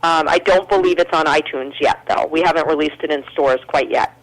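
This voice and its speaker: A woman's voice: sits low, a little fast, low-quality recording. An American woman talking as a guest musician in a casual chat, earnest and full of fillers and restarts. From United States.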